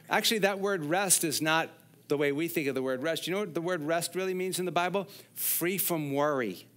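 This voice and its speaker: A man's voice: a little high, normal speed, a bit bright. A man preaching a sermon in a church, explaining scripture and asking the congregation questions. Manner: expository preaching, speaks to the congregation directly. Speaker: pastor. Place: church sanctuary.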